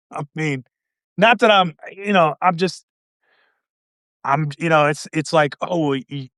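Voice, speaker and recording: A man's voice: fairly high pitch, slow pace, fairly bright tone, no room sound, studio quality. A man hosting a podcast, talking in a laid-back, rambling way with lots of restarts. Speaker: podcast host. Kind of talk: casual conversation.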